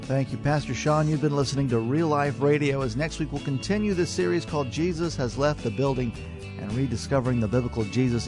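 A male radio announcer reads a scripted outro at a mid pitch in a smooth promotional manner. A clear guitar music bed plays behind him.

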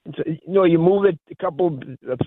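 An older man calling in to a radio show, telling jokes with frequent chuckles and halting restarts. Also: high voice, dry recording. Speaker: caller. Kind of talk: casual call-in chat. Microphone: phone. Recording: tinny phone line.

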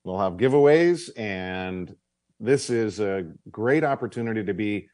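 A man's voice: on the low side, expressive, measured pace, darkish tone, no echo. A man hosting a sports radio show, chatty and promotional as he plugs the evening game. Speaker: radio and TV hockey broadcaster, host. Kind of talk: casual sports radio talk.

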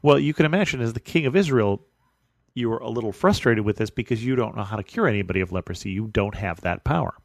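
A man reading a Bible passage aloud, then explaining it in a relaxed, conversational way as a study teacher. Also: lowish voice, fast talker, creaky, dry recording, clean studio sound. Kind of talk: scripture reading and teaching commentary.

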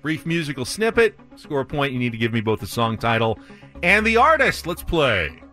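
A man runs a radio trivia segment in a bright, forward voice, reading each question crisply before slipping back into relaxed banter. His pitch sits mid-range, and a faint bed of music runs underneath. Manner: brisk, reads questions crisply, chatty asides. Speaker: radio show host running a trivia quiz. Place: radio studio.

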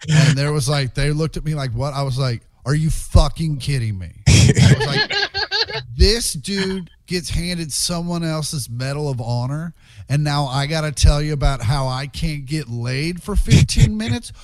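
A man, a stand-up comedian, telling road stories in a casual chat. He is profane and animated and acts out the quotes. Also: a little high, a little slow, no echo.

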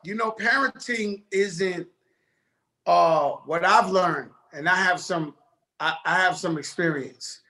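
A man's voice: high voice, slow, bright, forceful tone, low-quality recording. A middle-aged man talking as a guest in a casual interview, rambling and loose with streetwise slang.

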